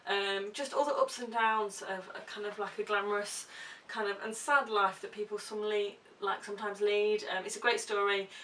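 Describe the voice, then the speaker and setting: A woman's voice: mid-range voice, fairly bright tone. A young woman chatting casually to camera as a vlogger, giggly and full of ums. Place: room at home. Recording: distant camera mic with hiss.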